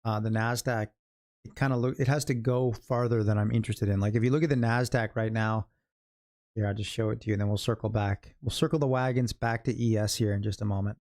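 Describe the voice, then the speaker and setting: A man's voice: lowish voice, steady tone, a little fast, a little mellow. Chatty, jokey middle-aged Californian man. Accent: Californian American. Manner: chatty, jokey storyteller, laughs at own stories. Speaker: day-trading livestream host. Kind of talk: casual livestream chat.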